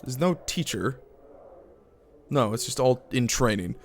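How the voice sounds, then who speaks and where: Swearing excitable man streaming a game. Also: medium pitch, measured pace. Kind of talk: live-streamed game playthrough, reading text aloud. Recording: music playing under the voice.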